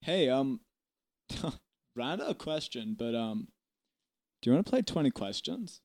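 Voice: medium pitch, very animated, slow, darkish tone. A performer playing a laid-back male stage manager in his seventies who mumbles in a drawling, unbothered way, in an improv comedy sketch. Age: 70s.

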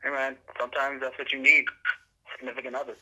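Bright-toned wry man. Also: mid-range voice, little pitch movement, fast talker, husky, poor audio. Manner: candid, wry, cynical. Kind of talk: casual chat.

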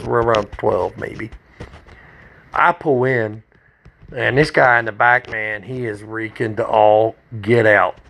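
A man's voice: lowish voice, gravelly, a bit bright. A man, a state trooper telling a story in a blunt, profane, folksy way. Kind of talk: casual storytelling.

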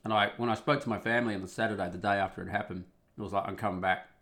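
A man's voice: on the low side, fairly even intonation, racing, fairly bright tone. A man telling a personal story in a casual, rambling monologue, wry and full of swearing. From Australia.

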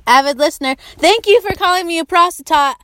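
A woman's voice: extremely high pitch, quick pace, fairly bright tone. A young woman hosting a casual podcast chat, blunt and profane, laughing often. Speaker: podcast host.

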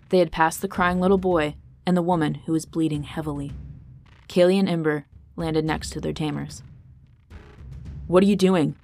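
Woman narrator, low voice, dramatic fantasy storytelling, faint guitar behind. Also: gravelly. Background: faint guitar music.

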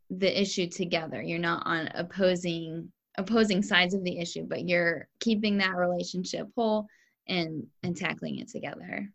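A woman's voice: lowish voice, muffled recording. Woman host affirming her guest. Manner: affirming, gives short backchannels. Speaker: podcast host. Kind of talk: podcast interview.

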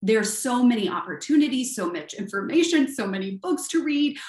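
A middle-aged woman with a Southern US accent and a high-pitched voice, giving an earnest motivational talk as a life coach. She asks rhetorical questions and often tags on "right?". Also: very animated, moderate pace, darkish tone. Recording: echoey room.

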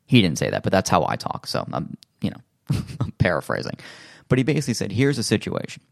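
A man's voice: sits low, huge pitch swings, fast, creaky, no room sound, studio quality. A man in casual chat, telling a long story with lots of fillers and acting out other people's lines.

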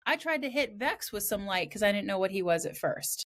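A woman in her thirties hosting a podcast, telling a story in a blunt, profane, animated way. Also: medium pitch, brisk. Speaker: podcast host and spiritual practitioner. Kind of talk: casual storytelling chat.

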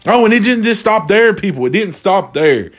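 A man telling a casual story to viewers, animated and exasperated, rambling and repeating himself. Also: high voice, normal speed.

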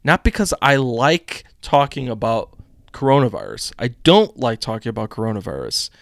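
A man's voice: mid-range voice, sing-song, moderate pace, vocal fry, dry recording. A young man from the United States hosts a political commentary stream in a casual, rambling way. He reads headlines and drifts into chatty asides. His mid-range voice sounds close and dry, with no room around it.

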